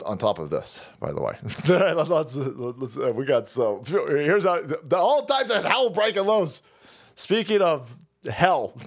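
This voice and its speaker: A man hosting a stream, ranting about politics in a loud, foul-mouthed, mocking way, jumping between shouts and low mutters. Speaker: host of a political rant stream. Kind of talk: profane political rant.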